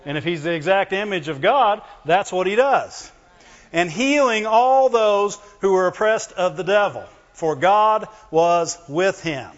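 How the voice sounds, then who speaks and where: A man preaching a sermon to his church, talking conversationally, calling for amens, and swinging between loud emphasis and quiet low asides. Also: lively intonation, measured pace. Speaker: pastor. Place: church hall. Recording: muffled lo-fi recording in a reverberant hall.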